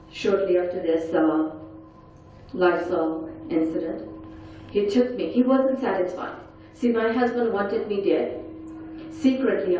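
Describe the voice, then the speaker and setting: A woman's voice: medium pitch, dark tone, a little hiss or hum. A middle-aged woman giving an intense, earnest personal testimony at a forum session. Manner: earnest, intense storytelling with acted-out quotes. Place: large conference hall. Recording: echoey, distant, dull hall recording.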